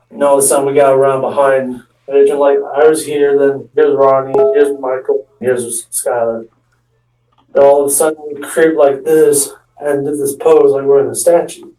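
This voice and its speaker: A man's voice: medium pitch, little pitch movement, normal speed, dark tone, distant mic. A young man telling a long, rambling comic story, restarting often and acting out the quotes. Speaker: stand-up comedian telling a story. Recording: echoey room, voice off-mic.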